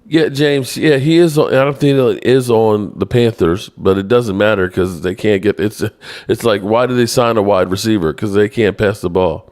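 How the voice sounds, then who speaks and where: On a casual live-stream sports show, a man reads the chat aloud with playful self-mockery, his voice jumping high whenever he's exasperated. He talks at normal speed in a darkish tone.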